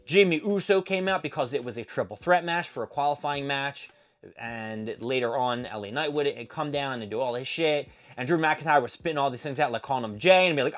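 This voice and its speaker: A man hosting his own show, giving a casual, animated wrestling recap with swearing and quick impressions. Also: medium pitch. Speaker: show host.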